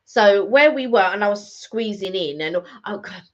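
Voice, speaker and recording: A woman's voice: mid-range voice, lively intonation, unhurried. Chatty woman, lo-fi sound. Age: middle-aged. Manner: chatty, rambling with many fillers and restarts. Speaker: vlog co-host. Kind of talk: casual chat. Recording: slightly dull lo-fi audio.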